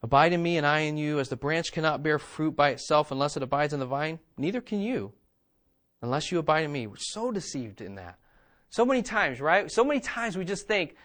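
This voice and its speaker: A man's voice: fairly high pitch, big pitch swings, brisk, a bit bright. A man preaching a sermon in a conversational style, repeating key phrases and checking in with "okay?" and "right?". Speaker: pastor.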